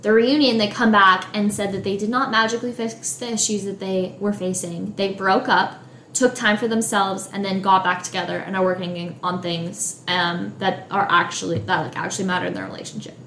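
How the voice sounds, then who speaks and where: A woman's voice: fairly even intonation, a little fast, fairly bright tone. A woman in casual chat, recapping a reality show with lots of filler words. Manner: gossipy recapping, heavy "like" fillers. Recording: echoey room, faint rumble.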